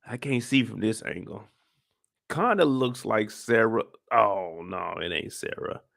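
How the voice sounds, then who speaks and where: A man giving a casual recap of a TV episode in animated, heavily slangy talk, swearing freely. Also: on the low side, measured pace, vocal fry. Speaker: show recap youtuber.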